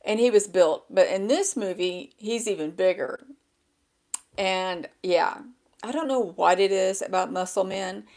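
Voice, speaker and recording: A woman's voice: mid-range voice, measured pace, darkish tone. A woman vlogging at home in a casual, rambling way, losing her train of thought and laughing at herself, her voice a bit crackly. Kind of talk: casual chat to camera. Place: indoors at a table with a laptop. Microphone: small handheld microphone.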